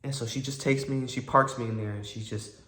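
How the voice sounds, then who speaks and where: A man telling a dramatic personal story in a casual, animated way, full of slang and acted-out dialogue. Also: medium pitch, fast. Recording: roomy echo.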